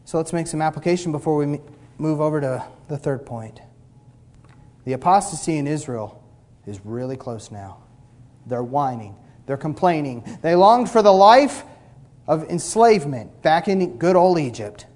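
A male pastor preaching a sermon, emphatic, swinging between loud stresses and quiet asides, with a mocking edge. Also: fairly high pitch, animated, normal speed. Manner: mocks complainers with blah-blah asides.

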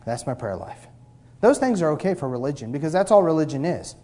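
Male pastor, sermon delivery, slightly raised pitch, emphatic with wide swings in loudness, sardonic asides. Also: sing-song, fairly quick. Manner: emphatic, swings between loud and quiet; mocks complainers with blah-blah asides.

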